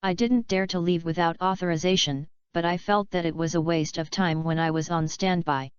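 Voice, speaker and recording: A woman voicing a boastful, spoiled young man from a rich family who brags and talks smoothly, in a dull lo-fi recording. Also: fairly low pitch, fairly even intonation, moderate pace, no room sound, natural voice. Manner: smooth-talking, bragging.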